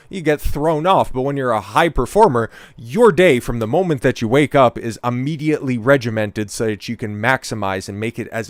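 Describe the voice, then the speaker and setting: A man's voice: medium pitch, no echo. A man hosting a live stream, giving casual, sarcastic, profane commentary on a clip.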